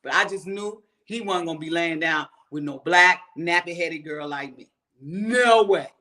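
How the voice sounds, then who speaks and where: A woman's voice: low-pitched, steady tone, moderate pace, pushed and bright. A woman from the United States hosting her own show, ranting in a profane, fired-up commentary straight to her viewers. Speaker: show host.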